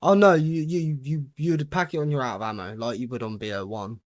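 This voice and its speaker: A young British man chatting casually with his viewers while playing a game on a livestream, relaxed and easygoing as he greets viewers and answers their questions. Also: mid-range voice, brisk, no room sound, studio quality. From United Kingdom. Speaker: gaming livestreamer.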